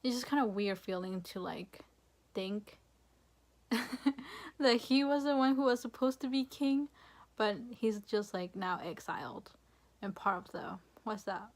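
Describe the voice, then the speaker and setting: A woman's voice: medium pitch, unhurried, pauses often. A young woman vlogging a casual, rambling rant, frustrated and full of fillers and swearing.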